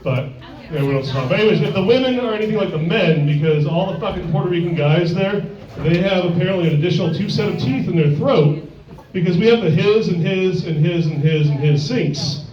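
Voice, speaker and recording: A man's voice: sits high, fairly quick. A man doing a stand-up comedy set in a sports bar, crude and rambling, full of filler words. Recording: echoey bar, distant dull mic, crowd.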